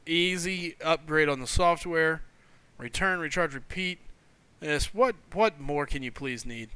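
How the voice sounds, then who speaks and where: A man hosting a live gaming stream, talking fast with excitement and reading chat out loud. His voice is high and bright, crisp and clean, recorded dry and close. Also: dry recording. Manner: excitable, laughs often, reads chat aloud.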